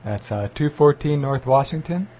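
Jokey husky man co-hosting radio. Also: medium pitch, expressive, moderate pace, mellow. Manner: jokey, laughs often, playful banter. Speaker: community radio co-host. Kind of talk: casual radio chat.

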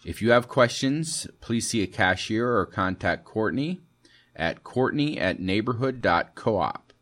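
A man's voice: on the low side, a little slow. A man co-hosting a community radio show, playful and joking as he reads listings. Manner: playful, joking, lively ad-style delivery. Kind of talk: casual radio chat. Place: radio studio.

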